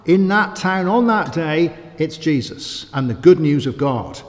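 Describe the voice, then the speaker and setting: A man's voice: on the high side, lively intonation, unhurried. A man preaching a sermon in a church, conversational, with frequent asides and rhetorical questions. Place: church sanctuary. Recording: church hall with long reverb.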